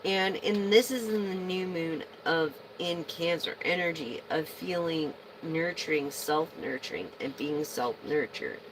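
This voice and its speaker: Casual tarot reader, woman, low gravelly voice, rambling and profane, hiss behind her. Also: unhurried, hardly any pauses. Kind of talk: casual tarot reading stream.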